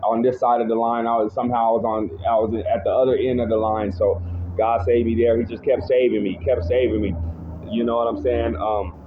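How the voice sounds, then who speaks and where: A man's voice: mid-range voice, level tone, a little fast. A man casually telling his own life testimony, rambling, restarting his sentences and often saying "you know what I'm saying". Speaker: speaker giving personal testimony. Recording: tinny phone-like audio with faint noise.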